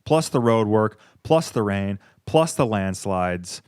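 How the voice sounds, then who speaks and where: A man's voice: fairly low pitch, lively intonation, slow, a little mellow, clear, resonant tone, dry recording, clean studio sound. A young man hosting a casual solo podcast, rambling through profane, sarcastic tangents. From United States. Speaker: podcast host.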